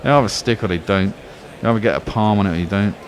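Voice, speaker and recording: A man giving live ball-by-ball radio cricket commentary, excitable, swearing and arguing with his co-commentator. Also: lowish voice, quick pace. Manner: excitable, swears freely, argumentative banter.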